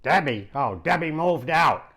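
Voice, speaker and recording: A man's voice: a little high, animated, unhurried, creaky, sharp tone, full character voice. A man voicing a huge biker squatter who brushes people off with curt replies. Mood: dismissive.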